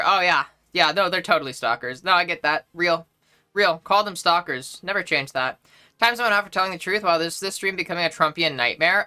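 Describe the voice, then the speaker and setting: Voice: medium pitch, moderate pace, bright, forceful tone, faint music behind. A young adult streamer casually chatting with a live audience, playful, profane and mock-indignant. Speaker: livestreamer reading chat.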